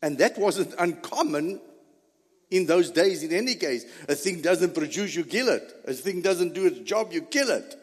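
Animated high-voiced preacher in an echoey hall. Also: male voice, normal speed, slightly rough. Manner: animated, theatrical, laughing often. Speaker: pastor. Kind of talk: sermon. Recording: echoey church hall reverb.

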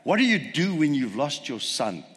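A man's voice: on the high side, very animated, normal speed, fairly bright tone. A man preaching a sermon, retelling a story and firing rhetorical questions at the congregation. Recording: long hall reverb.

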